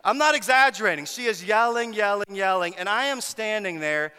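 Bright-voiced preacher in an echoey hall. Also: male voice, high-pitched, fairly quick, clear, resonant tone. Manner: animated storytelling, repeats words for emphasis. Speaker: pastor. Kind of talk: sermon.

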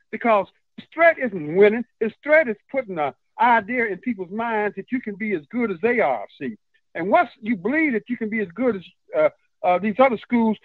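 A man's voice: high-pitched, no echo. A male coach calling into a radio show, earnest and emphatic with hesitant fillers. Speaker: caller, coach. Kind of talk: call-in radio talk. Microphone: phone. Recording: tinny phone line.

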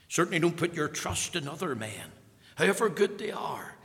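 A man preaching a sermon, emphatic and repetitive, his voice swelling to loud peaks and falling back. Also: fairly high pitch, big pitch swings, moderate pace, vocal fry. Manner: emphatic, repeating phrases, rising to loud peaks. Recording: long hall reverb.

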